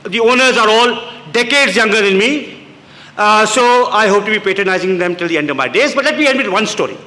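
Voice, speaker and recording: A man in his sixties from India giving an anecdotal public lecture, telling stories with quoted voices and halting restarts, in a lecture hall. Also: high voice, expressive, pushed and bright. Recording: echoey hall.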